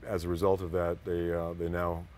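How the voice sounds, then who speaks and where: An older man with a fairly low voice sits in as an interview guest. He talks in a relaxed, casual way and drifts through rambling anecdotes. He slips into other people's voices as he tells them. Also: a little fast, a little hiss or hum.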